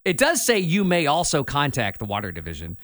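A man's voice: on the high side, brisk, dry recording, clean studio sound. A man from the US Midwest co-hosting a morning radio show, joking wryly and telling stories in casual chat. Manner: wry, joking, animated storyteller.

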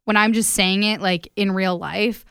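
A woman's voice: medium pitch, fairly even intonation, moderate pace, gravelly, fairly bright tone, clean tone, no room sound, studio quality. A young woman in her twenties co-hosting a radio show, chatting casually and poking fun at herself. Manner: self-deprecating, chatty. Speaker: radio co-host.

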